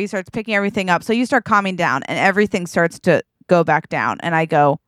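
A woman's voice: fairly low pitch, fast, few pauses, no echo, studio quality. A woman co-hosting a podcast, improvising a comic story with a playful manner, laughing often and acting out the lines. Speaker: podcast co-host.

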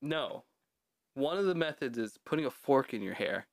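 A man's voice: medium pitch, expressive, moderate pace, no echo. Dry-sounding man telling a tall tale. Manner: joking, mock-serious storytelling, swears often. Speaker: podcast host. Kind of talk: casual podcast chat.

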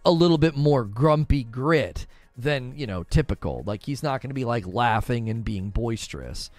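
Lively-pitched man chatting about games. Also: no echo. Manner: rambling, conversational, answers chat questions. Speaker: gaming news host. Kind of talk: casual chat.

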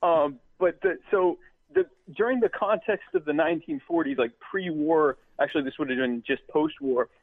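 A man's voice: high voice, very animated, moderate pace, creaky, dry recording. Southern male co-host, chatty and rambling, on a dry phone-quality line. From American South. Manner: rambling, joking, many fillers and restarts. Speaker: podcast co-host. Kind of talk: casual live show banter.

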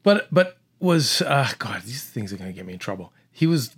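A middle-aged man from the Boston area telling an animated story in casual conversation, acting out voices and often restarting his sentences. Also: mid-range voice, moderate pace, slightly rough.

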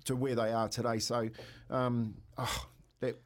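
A man's voice: mid-range voice, measured pace. A middle-aged man with a New Zealand accent, co-hosting a morning radio show and telling stories in casual chat, often repeating words as he goes. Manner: storytelling, repeats words when excited. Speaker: radio co-host.

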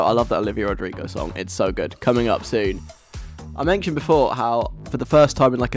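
Chatty young male radio DJ. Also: mid-range voice. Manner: chatty, giggly, rambling. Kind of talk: casual radio chat.

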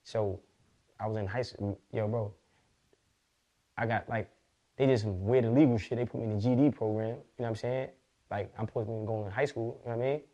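A man, a podcast guest, telling his life story in fast, slangy, profane street talk. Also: fairly low pitch, fairly even intonation, mellow, highs cut off. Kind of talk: candid interview storytelling.

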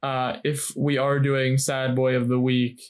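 A man co-hosting a casual podcast, recapping a TV episode with animated emphasis. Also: medium pitch, unhurried, very noisy. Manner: animated, repeats points for emphasis. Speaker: podcast co-host.

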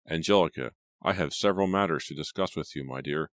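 A stern, wealthy father and husband who speaks with formal command, as a male audiobook narrator plays him. His voice is very deep and the recording dry and close. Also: a little fast, no echo.

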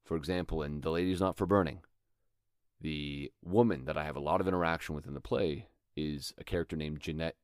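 Male host, young adult, earnest teacher, very deep voice, dead dry recording. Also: no room sound. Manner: earnest, explains with rhythmic examples. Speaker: acting teacher and podcast host. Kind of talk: instructional talk.

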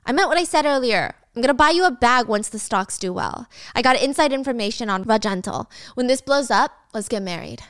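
A woman voicing a controlling, hot-tempered man who flips from wheedling to shouting threats, in a dry close recording. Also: fairly high pitch, expressive, a little fast, few pauses, no room sound. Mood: smug.

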